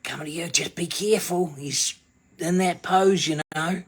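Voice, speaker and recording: A woman's voice: fairly low pitch, moderate pace, slightly rough. A woman chatting casually to viewers while selling crystals on a live stream, calling out to them by name.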